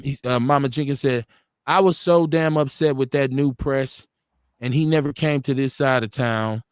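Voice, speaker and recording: Smooth and mid-range, this radio show host's voice comes through dry and studio-clean. He is a middle-aged man from Milwaukee spinning street stories with crude, blunt slang on a casual live-stream talk show.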